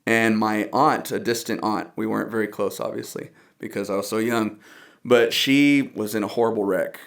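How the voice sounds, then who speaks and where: A man's voice: on the low side, fairly even intonation, moderate pace. A young man from the Dallas area, a guest musician in a casual podcast conversation, telling personal stories earnestly with quoted asides and laughs.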